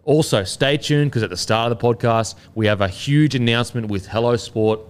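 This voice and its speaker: A man's voice: medium pitch, brisk, smooth. A man with an Australian accent hosting a podcast, reading an ad in an upbeat promoter's way and teasing his co-hosts in casual chat. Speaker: podcast host.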